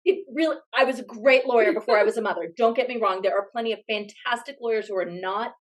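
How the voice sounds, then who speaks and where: A woman's voice: a little high, quick pace. A woman attorney in her forties with a Texan accent, speaking directly and emphatically in casual podcast chat.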